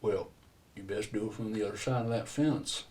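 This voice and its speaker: Brief: man doing a laconic grumpy old farmer, low-key and dark. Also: steady tone, normal speed, natural voice. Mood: curt. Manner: curt, laconic. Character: terse older male farmer, unfriendly.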